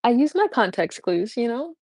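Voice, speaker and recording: A woman's voice: fairly high pitch, very animated, normal speed, darkish tone, no room sound. A woman hosting a casual live stream chat, rambling with many fillers and laughing often. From United States. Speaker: livestream host.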